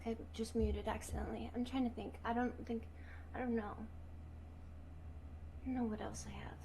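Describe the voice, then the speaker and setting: A woman's voice: fairly high pitch, level tone, normal speed, creaky, warm tone, slight background noise. A woman chatting casually as a stream guest, blunt and teasing.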